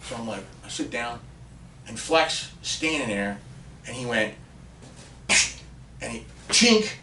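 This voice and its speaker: A man guest on a podcast, telling a long story in casual chat and acting out quotes with excited rises in his voice. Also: medium pitch, takes it slowly. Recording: roomy and distant with faint noise.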